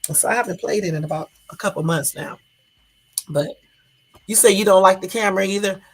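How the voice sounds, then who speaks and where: A woman's voice: mid-range voice, brisk, creaky, slightly rough. A middle-aged woman hosting a casual livestream chat, rambling and chatty with plenty of swearing, answering viewers' comments as she goes. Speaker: livestream host.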